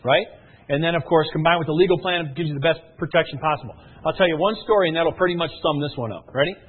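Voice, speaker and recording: A sales presenter pitches a service with energy, telling stories quickly and often checking that listeners are keeping up. His slightly husky voice sits a little high for a man, and the audio is thin and narrow, like a phone line.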